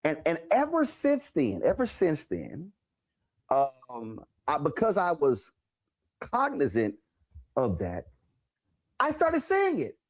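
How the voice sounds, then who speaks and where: A man from the United States hosting a talk show interview, animated and acting out past conversations as he tells them. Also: a little high, slow pace, long pauses. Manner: animated storyteller, acts out remembered exchanges.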